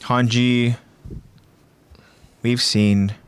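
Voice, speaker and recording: A man co-hosting a casual podcast in a mid-range voice with a smooth, resonant tone. He talks through ideas with fillers and restarts. He jumps higher when acting out quoted lines. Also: very slow, no echo. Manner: animated, acts out quoted lines with raised pitch; thinking aloud with many fillers and restarts. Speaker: podcast co-host.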